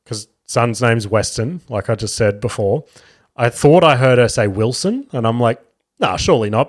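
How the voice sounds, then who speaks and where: Man rambling through funny family stories. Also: mid-range voice. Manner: rambling, heavy swearing, self-mocking. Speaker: podcast host. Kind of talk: casual comedic storytelling.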